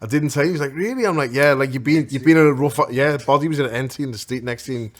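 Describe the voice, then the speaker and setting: A man with a Liverpool accent talks fast at a middle pitch. He tells blunt anecdotes and swears casually. He co-hosts a relaxed podcast chat. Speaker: podcast co-host.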